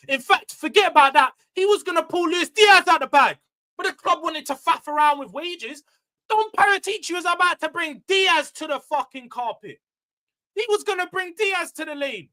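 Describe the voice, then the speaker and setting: A man with a high, bright voice hosts a casual football livestream, loud and emotional as he rants and then brings the tone back down. He stays animated and conversational throughout, and the recording quality is low.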